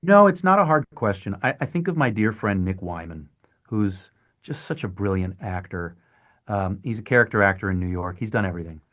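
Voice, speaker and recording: A man's voice: lowish voice, a little fast. A middle-aged man from Canada, a guest actor telling stories in a casual interview and acting out what people said. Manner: animated storyteller, acts out quotes.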